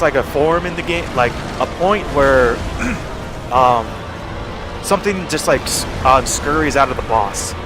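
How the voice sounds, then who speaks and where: A young man tells a loose, rambling story while he plays a game, filling every pause with casual fillers and swearing freely. His voice sits in an ordinary middle pitch. Soft game music plays faintly underneath. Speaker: gaming channel host. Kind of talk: casual storytelling over gameplay.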